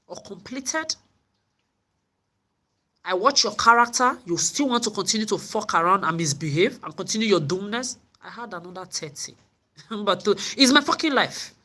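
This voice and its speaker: A woman's voice: medium pitch, pushed and bright. Woman ranting angrily with stammers. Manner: profane, repetitive stammering. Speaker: vlogger. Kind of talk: angry personal rant.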